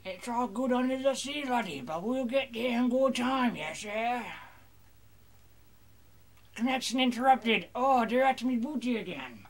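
A man's voice: very high-pitched, animated, unhurried. A young man rambling crudely through casual gameplay commentary, joking in a mock pirate voice. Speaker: gamer.

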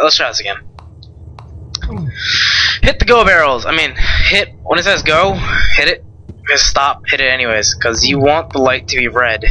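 A young man giving casual gameplay commentary, rambling, swearing often and yelling at the game. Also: mid-range voice, low-quality recording. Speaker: let's play host.

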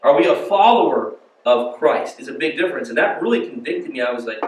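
A man's voice: a little high, lively intonation, brisk, recorded from a distance, slight background noise. An American man preaching a casual, storytelling sermon and asking the congregation questions. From United States. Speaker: pastor. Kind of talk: conversational sermon. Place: church sanctuary. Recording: echoey hall, voice from off-mic.

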